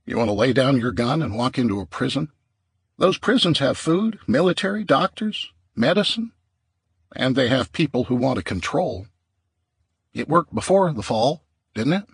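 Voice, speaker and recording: A man voicing a stubborn, gruff male survivor with a dismissive manner in an audiobook. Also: medium pitch, expressive, moderate pace, dry recording, studio quality, voice pushed up.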